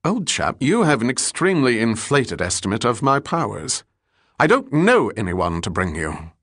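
A man's voice: medium pitch, huge pitch swings, moderate pace, a bit bright, no echo, studio quality, full character voice. A man doing a haughty, blustering diplomat. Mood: haughty, uneasy. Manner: imperious, blustering. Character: haughty male diplomat, evasive and nervous.

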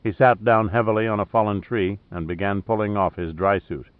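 Low-voiced man narrating an audiobook. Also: fairly even intonation, normal speed, few pauses, no room sound. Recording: narrow phone-like sound.

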